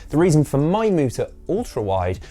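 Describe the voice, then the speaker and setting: A man's voice: fairly high pitch, very animated, moderate pace, dark tone, faint music behind. A man presenting an orderly product review, explaining specs step by step. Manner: orderly, explanatory, spec-heavy. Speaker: tech reviewer.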